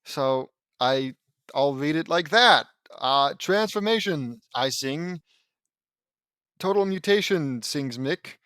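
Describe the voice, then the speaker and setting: A man's voice: mid-range voice, slow, pushed and bright, clean tone, dry recording, clean studio sound. A man reading fan fiction aloud, breaking off for sarcastic, complaining asides. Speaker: audiobook reader.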